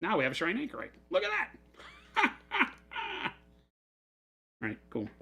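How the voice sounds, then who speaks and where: A man's voice: high voice, wildly swooping pitch, unhurried, creaky, bright, forceful tone, breathy edge. A man hosting a hobby store livestream, chatting and rambling through stories while he builds models in his office. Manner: chatty, rambling storyteller who laughs often. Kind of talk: casual live chat while building models.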